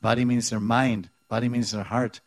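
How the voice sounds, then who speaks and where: A man teaching scripture in a middle-pitched voice, recorded dry and close with almost no room sound. He repeats words, chants lines of verse and then explains them in a measured way. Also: flat delivery, no room sound. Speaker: spiritual teacher. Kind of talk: devotional scripture class.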